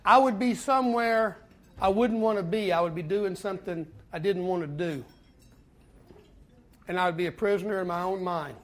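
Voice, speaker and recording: An earnest man with a high voice tells his personal recovery story at a twelve-step fellowship meeting. He speaks in an earnest storytelling style, pausing and repeating himself.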